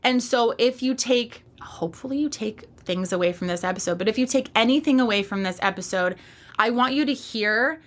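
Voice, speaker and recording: A woman's voice: on the high side, fairly quick. A woman in her thirties hosting a solo fitness podcast, talking in a passionate, emphatic and candid way with casual swearing. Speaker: podcast host and fitness coach.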